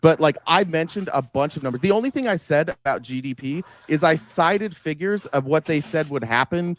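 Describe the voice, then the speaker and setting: A man in a heated online debate, halting at first and then quick and combative, speaking into a home computer mic on a voice call. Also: on the high side, expressive. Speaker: debate participant.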